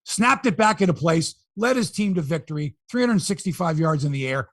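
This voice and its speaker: A man's voice: on the high side, animated, brisk, fairly bright tone, dry recording, clean studio sound. A man hosting a sports podcast, running through scores and riffing jokingly on the headlines in a casual chat.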